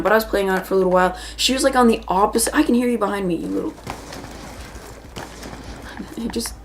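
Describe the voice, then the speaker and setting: A woman hosting a gaming video, telling a rambling, chatty story while she plays and breaking off to react to the game. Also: medium pitch. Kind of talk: casual storytelling while playing a shooter game.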